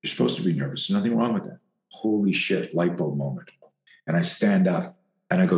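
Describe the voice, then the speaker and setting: A low-pitched man coaching fighters tells an animated story, swearing freely and acting out what each person said. His voice carries a roomy echo, as if in a bare room. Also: a little fast, creaky. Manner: animated, profane, acts out quoted dialogue. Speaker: fight coach and self-defense instructor. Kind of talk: anecdotal storytelling in an interview.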